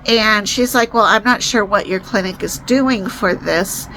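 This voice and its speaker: A young woman telling a personal story to the camera, emotional and rising into high-pitched distress. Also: measured pace, bright, forceful tone, slight background noise, poor audio. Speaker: vlogger.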